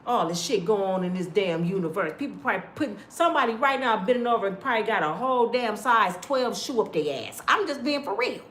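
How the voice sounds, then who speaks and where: A woman's voice: medium pitch, fast, hardly any pauses, a little hiss or hum. Fifty-something woman ranting, swears a lot, voice jumps all over, echoey room. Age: 50s. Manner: blunt, profane, animated storytelling. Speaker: online commentator. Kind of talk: casual rant to viewers.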